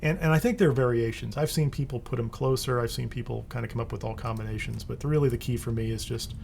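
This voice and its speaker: A man hosting a video game guide, talking casually over gameplay in a relaxed, rambling way that often restarts sentences. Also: mid-range voice, fast talker, vocal fry, a little hiss or hum.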